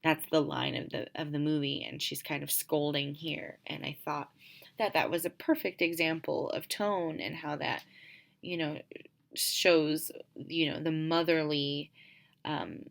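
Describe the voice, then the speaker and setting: A woman's voice: sits low, fairly even intonation, measured pace, creaky. A young woman giving a casual class presentation as a student, hesitant and full of filler ums.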